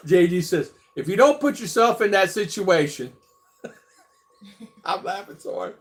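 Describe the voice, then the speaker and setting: A man's voice: high-pitched, animated, slow pace, long pauses. A man hosting a casual live stream, chatting loosely and reading out viewer comments, often laughing as he rambles. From abroad, living in the Philippines.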